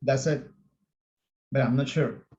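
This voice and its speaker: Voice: medium pitch, steady tone, slow, darkish tone. Hesitant student over dull audio. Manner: hesitant questions with self-corrections. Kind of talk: asking questions in class.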